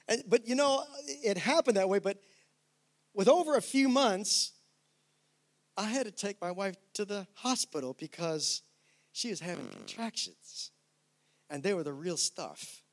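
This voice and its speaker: A middle-aged man, a pastor, preaching a sermon and telling a personal story with lively, animated restarts. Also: high voice, a little slow, pauses often.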